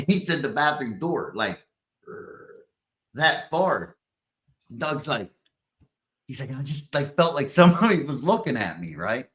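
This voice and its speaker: A man's voice: medium pitch, big pitch swings, measured pace, pauses often, fairly bright tone. A man hosting a podcast, telling a profane story with lots of chuckles and loose restarts. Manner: laughing, profane, loses his train of thought. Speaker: podcast host. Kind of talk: casual podcast chat.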